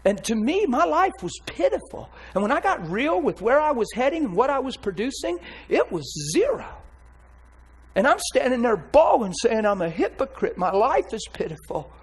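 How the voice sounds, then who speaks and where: A man's voice: very high voice, big pitch swings, normal speed, breathy edge, poor audio. A man preaching his testimony in an impassioned, emphatic way. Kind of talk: testimony sermon.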